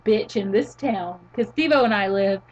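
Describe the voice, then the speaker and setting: A woman co-hosting a casual wrestling chat, animated and quick to laugh, swearing freely. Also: medium pitch, muffled recording. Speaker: podcast co-host. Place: college town in the US.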